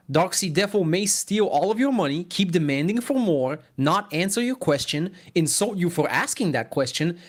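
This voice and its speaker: A man reading out a sarcastic, deadpan roast of a streamer as a listener message. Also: fairly high pitch.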